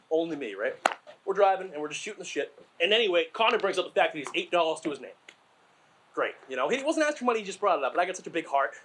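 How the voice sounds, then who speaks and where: Out of breath, a young comic from Massachusetts rambles through self-deprecating, vulgar stories loaded with tangents and verbal fillers. His voice runs a little high with a fairly bright tone, and there's slight noise behind him.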